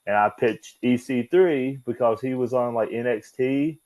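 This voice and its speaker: A man spins rambling backstage tales as an interview guest, casual and quick to curse. His voice has a mellow, darker tone and sits in a middle range. The sound is close and dry, with no room around it. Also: medium pitch, dry recording. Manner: loose, swearing, laughing, animated anecdotes. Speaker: guest, former pro wrestler.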